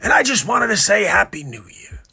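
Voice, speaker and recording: A man doing an impression of an elderly male health official, earnest and raised, breaking into shouts. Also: high-pitched, sing-song, normal speed, creaky, noisy background, voice pushed up, exaggerated voice. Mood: earnest urging.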